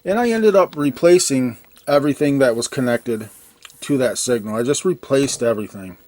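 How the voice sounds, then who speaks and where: A man in a workshop talks through a repair at a middle pitch. He thinks out loud in a plain, self-mocking way. The sound is close and dry, with no room echo. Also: lively intonation, normal speed. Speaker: arcade repair technician. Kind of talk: casual repair walkthrough.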